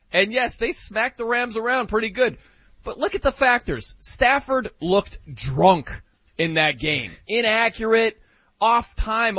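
A man's voice: high voice, pushed and bright, no room sound, highs cut off. A man hosting a sports talk show, joking and emphatic as he gives his opinions.

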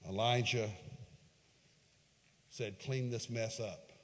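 A man's voice: medium pitch, fairly even intonation, takes it slowly. Dramatic preacher man in a reverberant hall. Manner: dramatic retelling, swings from hushed to loud. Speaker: pastor. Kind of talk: sermon.

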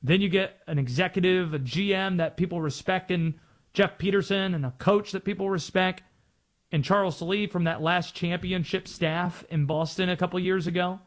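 A man's voice: high-pitched, fairly even intonation, normal speed. A man from North Carolina hosting a sports talk radio show, chatting and explaining. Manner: conversational, explanatory.

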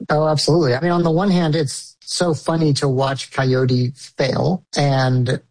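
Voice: medium pitch, flat delivery, unhurried, darkish tone, low-quality recording. A filmmaker answering interview questions thoughtfully, often restarting and searching for words.

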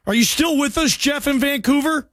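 A man hosting a sports call-in radio show, energetic and jokey with loose banter. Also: very high voice, moderate pace, no echo. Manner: energetic, loose, jokey, calls callers bro.

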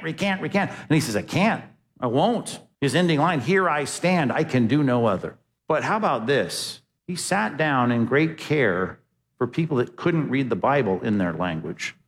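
A pastor giving a sermon in a conversational, emphatic style, asking rhetorical questions. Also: male voice, medium pitch, long reverb tail.

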